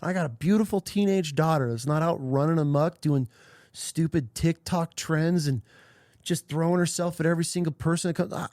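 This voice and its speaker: A man's voice: fairly high pitch, normal speed, darkish tone, dry recording, studio quality. A man in his thirties hosting a podcast, telling a personal story in a rambling, emotional way and swearing often. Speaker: podcast host. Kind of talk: candid personal podcast talk.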